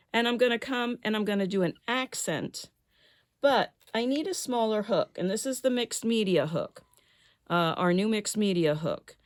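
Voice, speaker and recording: Chatty female craft teacher, steady mid pitch, dry room. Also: dry recording. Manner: chatty, narrates each step as she works. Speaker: rug hooking instructor. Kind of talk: hands-on craft demonstration.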